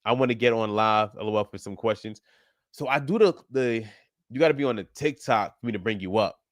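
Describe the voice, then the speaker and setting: A man's voice: fairly low pitch, brisk, dry recording, studio quality. A young man hosting a live stream as a fitness coach, chatting casually and encouraging callers, laughing often. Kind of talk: casual livestream chat.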